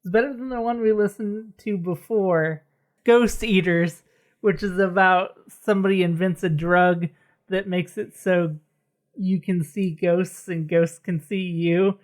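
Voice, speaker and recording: A woman's voice: on the low side, fairly even intonation, unhurried. A woman chatting casually as a podcast co-host, laughing as she talks. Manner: chatty, laughs while telling. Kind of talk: casual chat.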